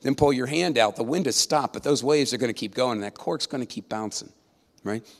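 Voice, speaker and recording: A man's voice: medium pitch, a little fast, vocal fry. A man preaching a sermon in a conversational, emphatic way, often checking in with his listeners. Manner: conversational, emphatic, with tag questions. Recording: long reverb of a large hall.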